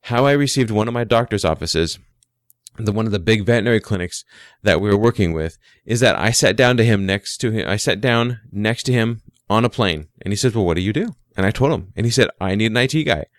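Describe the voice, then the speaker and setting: A man's voice: on the low side, brisk, no room sound, clean studio sound. Chatty man telling a business story. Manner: chatty, repeats words, acts out quoted dialogue. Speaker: small IT business owner. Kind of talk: casual storytelling and advice.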